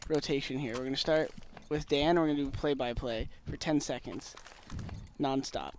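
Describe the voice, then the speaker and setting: A man's voice: mid-range voice, normal speed, darkish tone, a little hiss or hum. A man casting an esports match play-by-play, joking and leading the banter between calls. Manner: jokey, leads the banter. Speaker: esports caster. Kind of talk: play-by-play commentary.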